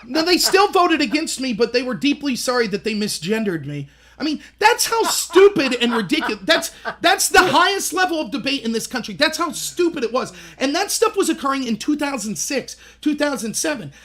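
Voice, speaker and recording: A man in his thirties hosting a livestream, telling animated stories in casual commentary and acting out the voices he quotes. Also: very high voice, a little fast. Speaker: livestream host.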